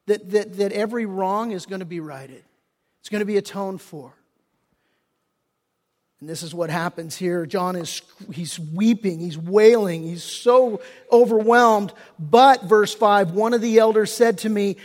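A man's voice: high-pitched, measured pace. A man preaching a sermon as pastor, impassioned and folksy, rising and dropping his voice, often restarting phrases. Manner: casual folksy wording. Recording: long reverb of a church hall.

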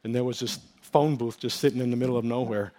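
A man's voice: medium pitch, steady tone, fast talker, dark tone. A middle-aged male pastor giving an earnest, emotional testimony in a sermon, telling his story with many fillers and restarts.

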